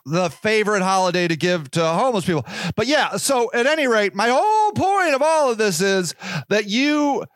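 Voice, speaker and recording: Rambling, profane solo podcast host, male, high pitched, dry close-up sound. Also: sing-song, moderate pace, a bit bright, dry recording. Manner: rambling, profane, self-interrupting.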